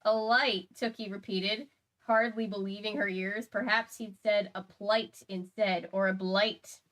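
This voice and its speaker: A woman's voice: medium pitch, level tone, measured pace, a bit bright, poor audio. A woman hosting a show, reading a novel aloud and breaking off for chatty, wry commentary. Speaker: host.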